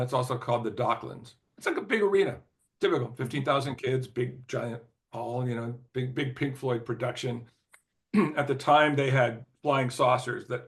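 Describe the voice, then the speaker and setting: Older guy spinning a long rambly story, keeps saying you know, clears his throat a lot, middle pitched. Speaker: interview guest, former record executive. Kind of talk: casual anecdotal storytelling.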